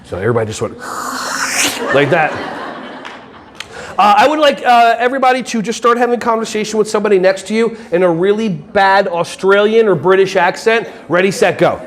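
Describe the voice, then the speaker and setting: High-voiced playful man leading a workshop. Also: expressive, brisk. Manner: playful, joking with the audience. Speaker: workshop presenter for teachers. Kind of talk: live workshop talk. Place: workshop room with an audience.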